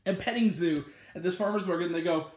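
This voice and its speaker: High-voiced chatty man reviewing a movie. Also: quick pace. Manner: rambling and chatty, heavy on filler words, laughs at his own retellings. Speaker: movie reviewer, channel host. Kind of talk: casual spoken movie review. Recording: roomy echo.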